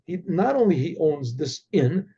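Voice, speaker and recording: A man's voice: on the high side, big pitch swings, normal speed, warm tone, husky. A male rabbi telling a story in a conversational way, often repeating words as he goes. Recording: dull lo-fi recording.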